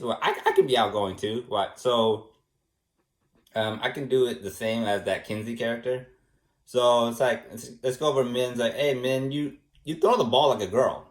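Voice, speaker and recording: A man in a casual rambling monologue who shrugs things off in soft, dismissive replies. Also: mid-range voice. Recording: roomy echo.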